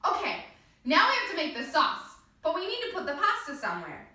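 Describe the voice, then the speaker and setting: Bright, sing-song woman leading kids yoga. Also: high-pitched, huge pitch swings, a little fast. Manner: playful, encouraging, sing-song. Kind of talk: guided kids yoga class with pretend play. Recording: echoey room, voice from a distance.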